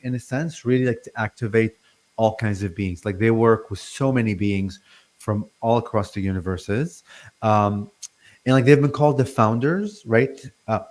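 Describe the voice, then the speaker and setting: A man's voice: lowish voice, a little mellow. Stuttering middle-aged man from Lebanon. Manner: stutters, many fillers and restarts. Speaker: guest. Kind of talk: casual interview talk.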